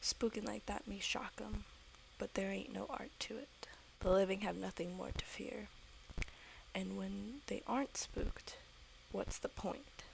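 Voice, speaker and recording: A woman's voice: mid-range voice, fairly even intonation, a little slow, gravelly, a little hiss or hum, low-quality recording. A woman doing an old folksy ghost man. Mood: boastful. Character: old male ghost, boastful, folksy, talks in third person.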